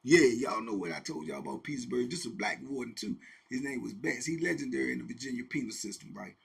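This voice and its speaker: A man hosting and telling a story in a casual, animated, slang-heavy way, repeating phrases for effect. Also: mid-range voice, quick pace, vocal fry, slightly rough. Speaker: host and storyteller.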